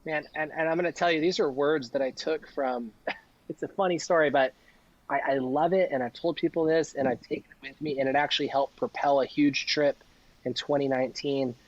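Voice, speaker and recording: Earnest, rambling man with a slightly high voice. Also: steady tone, a little fast, no echo, highs cut off. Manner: rambling and earnest, often acting out what people said. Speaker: interview guest. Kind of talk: casual conversational storytelling.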